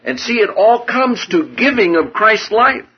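A man preaching a sermon with a husky voice, swinging from hushed low passages to loud, high-pitched outbursts. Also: expressive, unhurried, muffled recording.

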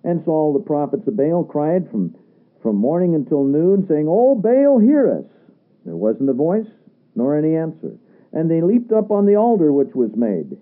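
A man's voice: a little high, big pitch swings, normal speed. A man preaching a sermon, reading scripture aloud and pressing his listeners with emphatic rhetorical questions. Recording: tinny radio broadcast sound.

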